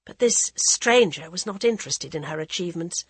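A woman narrating a novel in a measured, even audiobook style. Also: fairly low pitch, breathy edge, no room sound.

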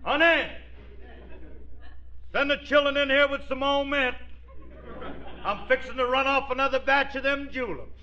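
A man's voice: high voice, sing-song, unhurried, lo-fi sound, background noise. An actor playing a boastful father pretending to be a Southern colonel, with a hammy drawl, in a 1950s radio sitcom. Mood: blustering. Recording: old radio with loud audience. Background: studio audience laughter.

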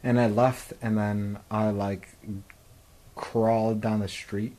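A man's voice: lowish voice, level tone, slow, mellow, a little hiss or hum, poor audio. A man in his twenties co-hosting a casual podcast, telling long rambling stories full of fillers and "like". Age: 20s. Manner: rambling storyteller, many fillers and "like". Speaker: podcast co-host.

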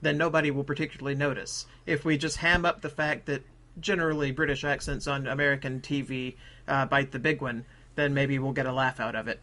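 A man's voice: mid-range voice, level tone, brisk, hardly any pauses, sharp tone. A man co-hosting a casual podcast, rambling between points and joking about accents. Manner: rambling, laughs, hams up mock accents. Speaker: podcast co-host. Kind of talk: casual chat.

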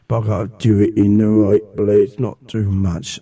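Low-voiced man testing his mic. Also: level tone, normal speed, few pauses, mellow, husky, dry recording, studio quality. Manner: muttering to himself, repeating words while testing sound. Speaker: streamer tuning his mic and EQ. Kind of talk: casual live-stream chat.

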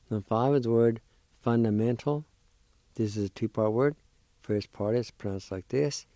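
A man patiently teaching words syllable by syllable on a radio lesson, repeating each sound slowly. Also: mid-range voice, mellow, no room sound. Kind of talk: slow spelling and pronunciation lesson.

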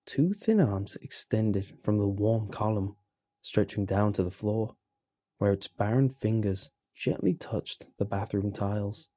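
A man narrating a horror story in a slow, grim, measured way. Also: on the low side, dark tone, dry recording.

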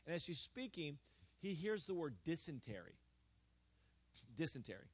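A middle-aged male pastor preaching a sermon, telling a story with acted-out dialogue and building to loud, emphatic exhortation. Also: mid-range voice, expressive, a little fast, no echo.

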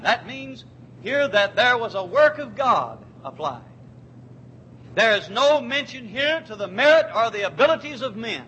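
Man, pastor, sermon, high bright voice, emphatic, faint rumbling hiss behind. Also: lively intonation, poor audio. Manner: emphatic preaching, repeats key words, slows on scripture.

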